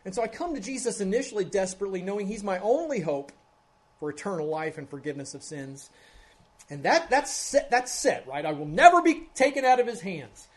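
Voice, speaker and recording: A male pastor preaching an expository sermon. He is earnest, drops to hushed tones, then swells to loud emphasis, and often checks in with the congregation. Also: sits high, big pitch swings, brisk. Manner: earnest, swings from hushed to loud emphasis, keeps asking "right?".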